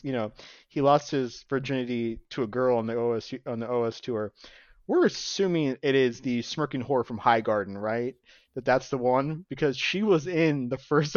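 A man's voice: mid-range voice, no room sound. Giggly man riffing over a dull mic. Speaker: podcast co-host. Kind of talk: casual chat.

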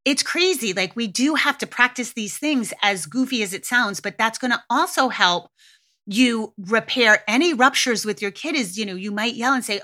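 Bright-sounding woman doing a parenting podcast, kinda high voice, super candid, swears a lot. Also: normal speed. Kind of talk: casual podcast monologue.

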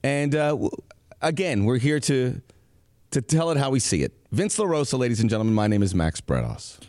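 A man co-hosting a casual sports podcast, joking and animated with quick asides. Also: medium pitch, no room sound, clean studio sound. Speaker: podcast co-host.

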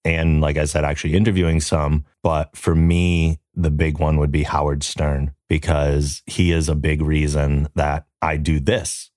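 A man co-hosting a podcast, chatting casually with a deep radio-style voice. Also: little pitch movement, a little slow, few pauses, darkish tone, no room sound, clean studio sound. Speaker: podcast co-host. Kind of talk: casual chat.

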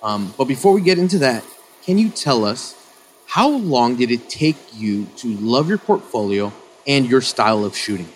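A man co-hosts a live audio chat with a lively, swinging pitch. He keeps things jokey and friendly. A light hiss of noise sits under his voice. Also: moderate pace. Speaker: podcast co-host.

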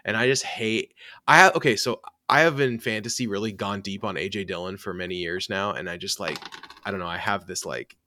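A man hosting a sports podcast, talking casually and running the show; he is lively, trails off and laughs often. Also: lowish voice, fairly quick, no room sound. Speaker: podcast host.

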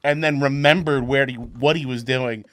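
A man's voice: mid-range voice, fairly even intonation, moderate pace. A man, a comedian co-hosting a podcast, telling an anecdote with frequent laughter. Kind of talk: casual chat.

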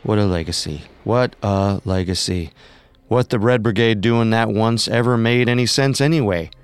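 In a dramatized reenactment of recorded speech, a voice actor plays a middle-aged cult leader preaching and pleading with his followers in a repetitive, sermon-like way. His lowish voice is clean and natural, at a moderate pace with no room sound.

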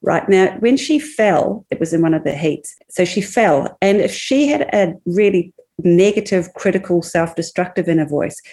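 Female psychologist guest, low mellow voice, explains through stories. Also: moderate pace. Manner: warm explanatory, storytelling. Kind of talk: casual chat.

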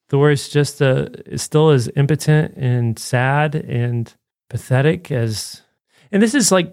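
Animated man rambling through a film review. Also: a little high, no echo, clean studio sound. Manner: rambling, animated, frequent "like" fillers. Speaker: podcast co-host. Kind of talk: casual film review chat.

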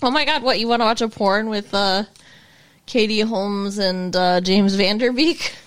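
A woman's voice: mid-range voice, moderate pace, clear, resonant tone. A woman co-hosting a podcast in casual chat, teasing and scolding her partner and laughing a lot. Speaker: podcast co-host.

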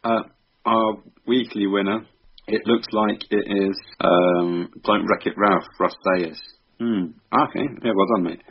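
Deep-voiced laid-back podcast co-host. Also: male voice, steady tone, a little slow, breathy edge. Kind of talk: casual podcast chat. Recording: dull lo-fi sound.

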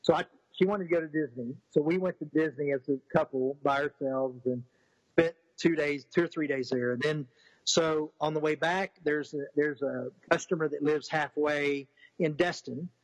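A man's voice: fairly high pitch, normal speed, no echo, dull audio. A man telling a personal story in a rambling, casual way, with many restarts, acting out what others said.

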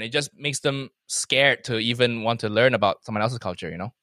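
A man's voice: mid-range voice, a little fast, pushed and bright, no echo, clean studio sound. A man from Malaysia, a comedian, talking animatedly and emphatically in a casual chat. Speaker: comedian, podcast guest.

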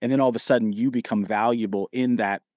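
Podcast guest, man in his thirties from Ohio; quick, animated storyteller, dry recording. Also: medium pitch, no room sound. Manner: animated, acts out quoted dialogue.

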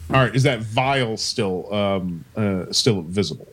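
A man playing a tabletop game works through the rules with careful questions. His voice moves up and down in a lively way. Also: on the low side, unhurried, a little hiss or hum. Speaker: player.

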